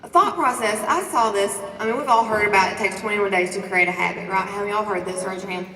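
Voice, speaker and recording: A woman giving a lively motivational talk to a conference audience, asking the crowd questions and preaching about faith and confidence. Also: medium pitch, fast, soft background music. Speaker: conference speaker. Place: large conference hall. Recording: echoey hall recording from a distance.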